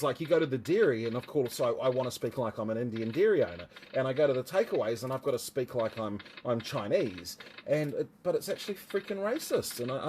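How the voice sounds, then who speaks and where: Hosting a laid-back livestream, a New Zealand man who also commentates motorsport rambles, chats, and jokes with his viewers. His voice is medium-pitched and darkish, with a little hiss or hum in the recording.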